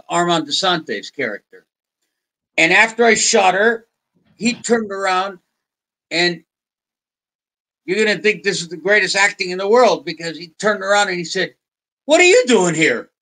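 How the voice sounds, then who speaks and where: A man's voice: sits high, a little slow, long pauses, sharp tone, poor audio. An older American man, a podcast guest, telling rambling stories with many restarts and quoted voices. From United States. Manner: rambling anecdotes with restarts, quoting others in put-on voices. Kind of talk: casual interview storytelling.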